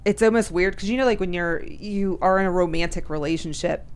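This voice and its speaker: A woman co-hosting a podcast, talking in an easy, rambling way. Her voice sits a little low, and she peppers her speech with "like," laughter and casual swearing. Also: brisk, clear, resonant tone. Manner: chatty, laughs often, swears freely, heavy use of "like". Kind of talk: casual chat.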